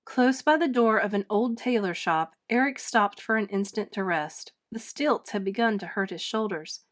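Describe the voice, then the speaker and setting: A woman reading a children's storybook aloud with dramatic, expressive narration. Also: mid-range voice, normal speed. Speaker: storybook reader. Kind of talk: children's book read-aloud.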